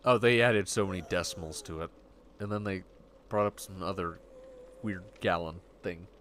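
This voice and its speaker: A man hosting a livestream, rambling in casual chat and acting out quick voices when quoting. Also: low voice, fairly bright tone, a little hiss or hum. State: getting hiccups. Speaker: livestream host.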